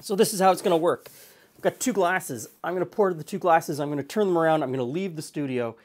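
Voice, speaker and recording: A man hosting a cooking show, explaining a blind tasting in a relaxed, plain-spoken way from his studio. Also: a little high, quick pace. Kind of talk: casual tasting chat. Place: home studio kitchen.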